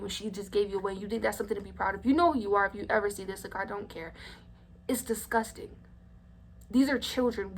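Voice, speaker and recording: Indignant young woman vlogger. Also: mid-range voice. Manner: indignant, blunt, swears freely. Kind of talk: story time vlog.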